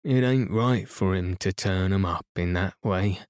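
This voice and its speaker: A kindly, ponderous working husband speaks in a low, unhurried voice, read by a male narrator. Mild and plain, with a dry, close sound. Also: darkish tone, dry recording. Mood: mild, puzzled. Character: slow, good-natured burly carrier husband.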